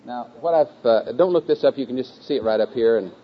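A man leads a room through memorizing a scripture verse, patient and unhurried. He repeats each phrase slowly, with a few relaxed fillers along the way. The recording sounds dull and lo-fi, and his voice sits at an ordinary middle pitch for a man. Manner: patient, repetitive, slow chanting of phrases with a group. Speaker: teacher leading scripture memorization. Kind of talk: group teaching session. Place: room with a live group.

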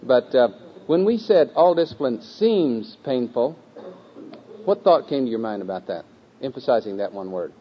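A teacher leads a live group in a room through memorizing a scripture verse, patient and unhurried, slowly chanting each phrase so they can repeat it together, with a few relaxed fillers. His voice sits at an ordinary middle pitch for a man. The group teaching session is recorded dull and lo-fi, with a little hiss or hum.

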